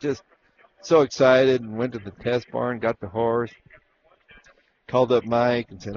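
A man's voice: mid-range voice, steady tone, a little slow, pauses often, darkish tone, highs cut off, slight background noise. A man telling rambling stories from his years training racehorses, acting out other people's lines and restarting his sentences often. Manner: rambling anecdotes with acted-out quotes and restarts. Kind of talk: casual storytelling interview.

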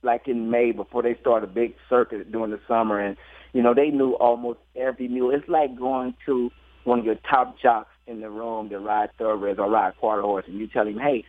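A man's voice: mid-range voice, a little fast, dry recording. A man being interviewed as a jockey, telling stories with frequent laughter and acted-out quotes. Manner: laughing, animated storyteller acting out quotes. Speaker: jockey guest. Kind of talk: storytelling interview. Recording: dry tinny phone line.

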